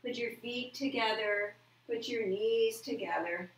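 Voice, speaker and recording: A woman teaching a children's yoga class, counting aloud and giving gentle, cheerful cues. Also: on the high side, measured pace, echoey room, recorded from a distance, low-quality recording. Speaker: yoga instructor.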